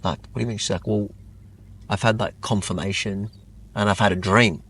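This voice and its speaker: Guest: young guy, lowish voice, rambling storyteller, heavy on "like". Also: a little fast, slightly rough. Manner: rambling, lots of "like", animated retelling. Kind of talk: casual storytelling chat.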